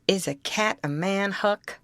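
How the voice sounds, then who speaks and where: A woman's voice: medium pitch, slow, fairly bright tone, dry recording. A woman reading an audiobook, voicing a stubborn, argumentative grown man with an insistent folksy drawl.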